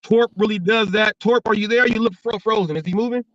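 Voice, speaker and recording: High-voiced hype host on a distant, muffled mic. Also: male voice, fairly even intonation, a little fast, crowd noise. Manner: hyped, slangy. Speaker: show host. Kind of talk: casual live-stream hosting. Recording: distant, dull, dry mic sound.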